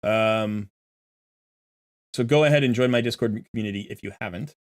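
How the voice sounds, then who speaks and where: This is a man with a lowish voice at a moderate pace, offering casual livestream commentary as he plays and coaches his audience. Sorting gear seems to annoy him a little, and he talks bluntly and emphatically, often saying things twice.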